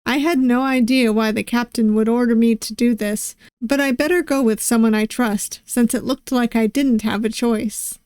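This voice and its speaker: A woman's voice: fairly high pitch, fairly even intonation, normal speed, a little mellow, clean tone, dry recording, clean studio sound. A woman streamer reading a visual novel aloud, giggling and poking fun at her own attempts at voices. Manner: giggly, self-deprecating. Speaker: VTuber game streamer.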